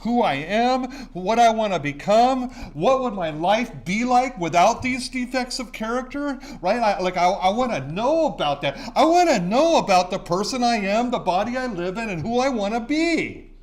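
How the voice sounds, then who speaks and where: A man's voice: sits high, expressive, moderate pace, few pauses. A middle-aged man, sharing his recovery story at a meeting in an intense, profane, repetitive way. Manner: intense, profane, repeats himself. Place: recovery center meeting room.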